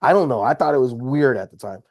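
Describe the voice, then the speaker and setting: A man of medium pitch speaks fast and expressively, the audio dry and dull from a podcast microphone. As a casual podcast guest, he tells a heated, swear-laden story of a confrontation.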